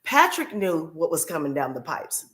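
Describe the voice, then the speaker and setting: A woman's voice: deep voice, big pitch swings, normal speed, a bit bright. A woman guest on a podcast, telling a personal caregiving story in a heartfelt way and repeating key phrases for emphasis.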